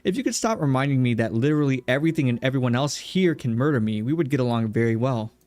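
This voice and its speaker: A man's voice: mid-range voice, animated, quick pace, darkish tone, lightly acted. A man reading aloud the lines of a wary, sardonic young villainess from a visual novel. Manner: plainly read game dialogue.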